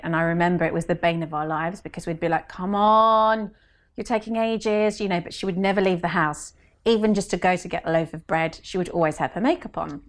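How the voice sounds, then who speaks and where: A woman, a guest in an interview, telling chatty stories and acting out quotes. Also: lowish voice. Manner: chatty storytelling, acts out quotes. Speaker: guest, brand consultant. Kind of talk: conversational interview.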